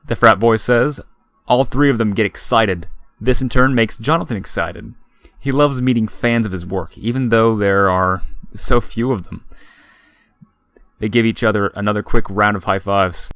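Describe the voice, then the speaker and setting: A man's voice: lowish voice, normal speed, a bit bright, no room sound. A man reading a story aloud as a hobby audiobook narrator. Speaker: audiobook reader.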